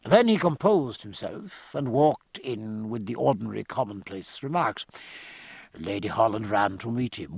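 Husky guy reading an audiobook, lively up-and-down delivery, dry close sound. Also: on the low side, measured pace, dry recording. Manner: expressive, varied reading. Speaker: narrator. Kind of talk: audiobook narration.

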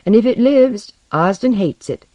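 A narrator voicing a blunt, scornful young woman pilot in an audiobook, raised higher than the narration. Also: animated, normal speed, a little mellow, no echo, close to an everyday voice.

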